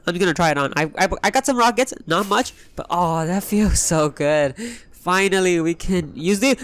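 Excitable high-voiced young man gaming. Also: normal speed, smooth. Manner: excitable, rambling. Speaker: gaming channel host. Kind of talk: Minecraft let's play commentary.

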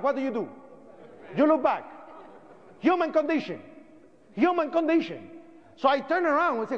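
A man with a high voice delivers an emotional first-person testimony to an audience in a large hall. He tells it dramatically, his voice climbing and breaking at the worst moments. The sound is dull broadcast audio with a long hall reverb behind it. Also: expressive, moderate pace. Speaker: speaker giving a presentation.

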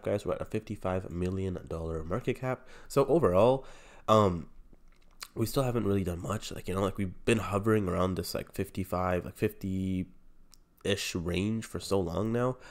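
Congested young man with a lowish, nasal voice. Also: moderate pace. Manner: rambling, loose, heavy on fillers like "like" and "um". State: sick with a cold. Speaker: crypto channel host. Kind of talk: casual video commentary.

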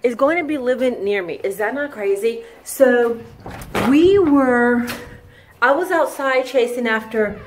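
Chatty excitable woman vlogging at home. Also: a little high, unhurried, a little hiss or hum. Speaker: vlogger and makeup artist. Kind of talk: casual vlog chat. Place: home and yard, moving around.

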